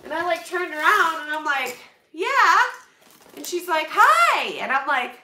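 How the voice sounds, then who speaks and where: A woman's voice: high voice, fairly quick, pushed and bright, far from the mic. A woman in her thirties chatting on a livestream as she opens donation boxes, bubbly and exclaiming often. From Pennsylvania, USA. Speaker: vlogger opening donations on a livestream. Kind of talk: casual livestream chat. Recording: echoey room, voice away from mic, background noise.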